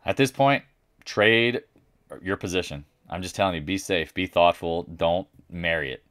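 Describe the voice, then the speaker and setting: A man's voice: low-pitched, normal speed, fairly bright tone, no echo, clean studio sound. A man hosting a casual market recap, talking bluntly and boastfully, with mocking asides. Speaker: market commentary host.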